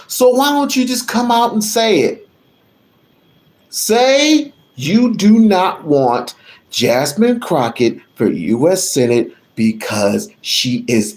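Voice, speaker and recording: A man hosting his channel, delivering a profane, repetitive rant that builds to shouting. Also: fairly high pitch. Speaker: channel host. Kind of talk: ranting commentary. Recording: roomy echo.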